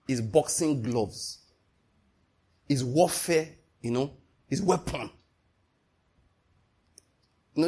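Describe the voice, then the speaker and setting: A man delivers an animated, emphatic sermon, firing off rhetorical question after rhetorical question at his listeners. His voice is a little high, with a breathy edge.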